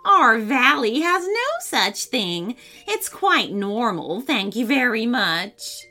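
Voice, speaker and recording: A woman's voice: on the high side, sing-song, takes it slowly, pushed and bright, faint music behind, heavily acted. A woman voicing a little old lady who laughs off nonsense in a prim, scoffing way.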